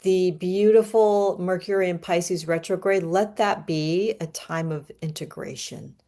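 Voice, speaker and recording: Woman, astrology reader; low voice, slow unhurried calm delivery. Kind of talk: guided breathing and astrology talk.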